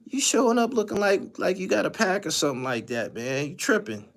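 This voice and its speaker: A man's voice: high voice, sing-song, brisk, creaky. A man hosting a livestream, giving profane, ranting commentary and repeating his lines for emphasis. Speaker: channel host.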